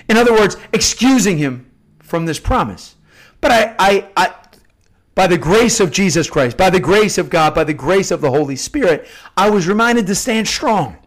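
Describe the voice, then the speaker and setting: A middle-aged man hosts a Catholic novena, giving an earnest, unscripted devotional teaching. His high-pitched voice has lively intonation and a moderate pace, and he often repeats and restarts phrases for emphasis.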